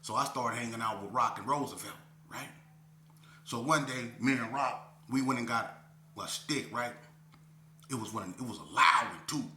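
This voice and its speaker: A man in a casual interview, telling a story in streetwise slang and checking in with listeners as he goes. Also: normal speed. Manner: animated, climbs high when retelling. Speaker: interview guest. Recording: echoey room with faint hum.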